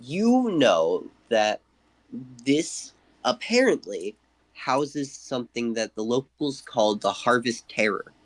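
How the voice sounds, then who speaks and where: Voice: mid-range voice, sing-song, slow pace, poor audio. A game master casually narrating a tabletop game with loose pacing and fillers.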